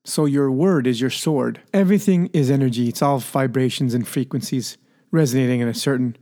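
A man with a mid-pitched voice talks alone on a podcast. He muses in a loose, playful way, coins words on the fly and chuckles at his own ideas. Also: a little fast, dark tone. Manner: playful, musing, coins words and laughs at himself. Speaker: podcast host. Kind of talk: solo podcast monologue.

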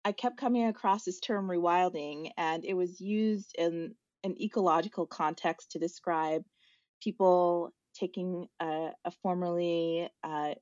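A woman's voice: fairly low pitch, a little slow, darkish tone, no echo, muffled recording. A woman podcast guest speaking reflectively and conversationally. She searches for her words and uses fillers as she tells her story.

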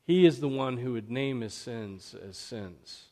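A man's voice: medium pitch, animated, unhurried, dark tone. A man preaching a sermon in an earnest, emphatic way, often checking in with "right?".

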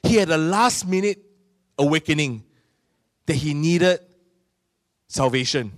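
Singaporean pastor preaching with animated storytelling. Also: male voice, fairly high pitch, measured pace, dry recording, studio quality. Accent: Singaporean English. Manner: animated storytelling, acting out voices of people in his stories. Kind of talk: sermon.

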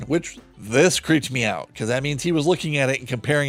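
A man's voice: on the high side, brisk, hardly any pauses, soft background music. A man hosting a true-crime podcast, sarcastic and swearing freely as he reads out chat logs and comments on them. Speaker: podcast host.

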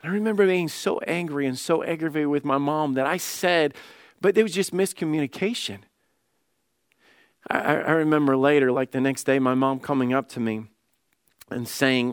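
Earnest pastor preaching. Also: male voice, fairly high pitch, normal speed, clean tone, no echo, clean studio sound. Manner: earnest, with frequent repeated words and restarts. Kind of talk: sermon.

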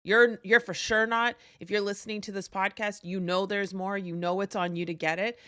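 A woman's voice: medium pitch, steady tone, normal speed, fairly bright tone, clear, resonant tone, no room sound, clean studio sound. A young woman hosting a podcast, giving a blunt, emphatic motivational talk full of swearing. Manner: blunt, profane, emphatic coaching. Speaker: podcast host.

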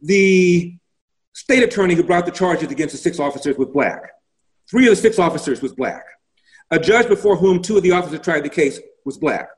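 Male guest commentator, emphatic, stat-heavy, slightly high voice. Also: animated, fairly quick, rough recording. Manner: emphatic, rattles off statistics. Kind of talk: political interview.

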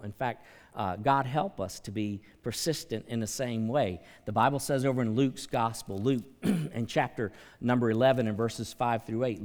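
Pastor preaching in a reverberant hall. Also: male voice, darkish tone. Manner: conversational preaching with folksy asides and sudden rises in pitch. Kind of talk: sermon. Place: church sanctuary. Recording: long church hall reverb.

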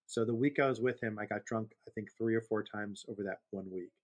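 A man's voice: on the low side, fairly even intonation, fairly quick, dull audio. A man in his fifties, co-hosting a podcast, telling long rambling stories in casual chat and laughing easily. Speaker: podcast co-host.

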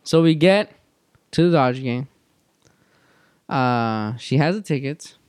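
A young man telling a story in casual chat, animated, swearing freely and acting out what people said. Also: mid-range voice, slow pace, clear, resonant tone, no room sound, studio quality. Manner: animated, swears a lot, says bro and dude, acts out quotes.

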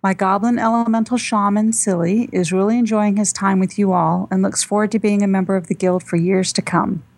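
A woman co-hosting a gaming podcast, reading a listener's email aloud at a steady, even pace. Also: mid-range voice, brisk, creaky, dry recording. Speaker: podcast co-host.

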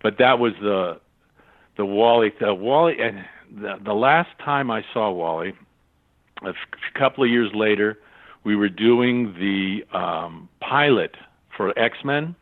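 An older man from California, a voice actor, telling lively anecdotes and acting out other people's voices as he goes. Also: lowish voice, a little slow. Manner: animated, acts out other people's voices in his stories. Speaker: voice actor guest. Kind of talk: anecdotal storytelling. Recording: tinny phone-line sound.

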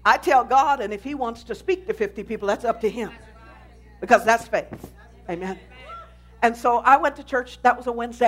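Woman pastor telling an animated testimony. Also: on the high side. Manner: animated storytelling, emphatic. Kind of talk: sermon testimony.

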